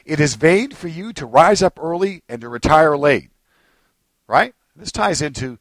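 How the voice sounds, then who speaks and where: A male pastor preaches in an animated way, his slightly high, gravelly voice leaping between low asides and excited peaks. He acts out little scenes as he goes. The sound is dry and close, with no room around it. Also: normal speed, no room sound. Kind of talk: sermon.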